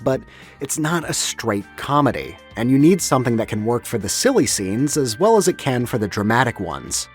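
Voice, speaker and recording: A man narrating a scripted video essay in a wry, analytical way. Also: medium pitch.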